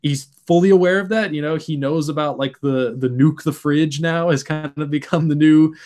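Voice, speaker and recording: A young man hosting a casual film podcast, thinking out loud in long stretches and acting out imagined quotes. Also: a little high, fairly even intonation, normal speed. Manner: thoughtful, talks in long stretches, acts out quotes. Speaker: podcast host.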